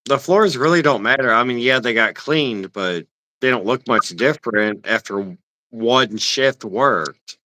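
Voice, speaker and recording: Young male machinist, casual profane rant, bright tense tone. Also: medium pitch, measured pace. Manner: ranting, profane, animated. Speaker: machine shop worker. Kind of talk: casual chat.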